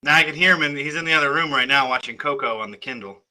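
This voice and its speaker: A sleepy man in his thirties teaches a history class over a computer mic, chatty and full of fillers and restarts. His voice is very bright and sharp, and sits a little high for a man. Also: quick pace, poor audio. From United States. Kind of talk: online class lecture.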